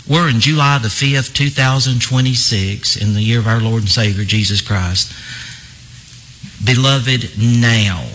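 A man's voice: medium pitch, sharp tone, husky, poor audio. A man preaching a sermon, emphatic and fond of repeating phrases for effect. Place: church.

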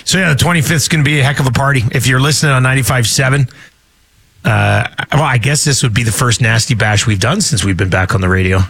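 A man's voice: medium pitch, fast talker, gravelly, a bit bright. A man hosting a radio sports talk show, joking casually and reading ads in an upbeat way. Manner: jokey, laughs easily, upbeat. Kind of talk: casual radio banter and ad reads.

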